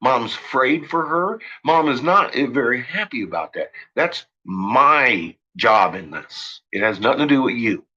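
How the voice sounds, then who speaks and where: Husky profane man ranting late at night. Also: medium pitch, animated, a little slow, few pauses, highs cut off. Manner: profane, ranting, shouts in retold quotes. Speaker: host. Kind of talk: rambling late-night monologue.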